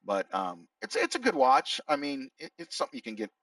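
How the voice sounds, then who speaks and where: A middle-aged movie reviewer with a mid-range voice rambles casually, reading out his own reviews and often correcting himself mid-sentence. His pitch swoops wildly and he talks a little fast with a slightly bright tone. The rough, dry recording has no echo and places him far from the mic.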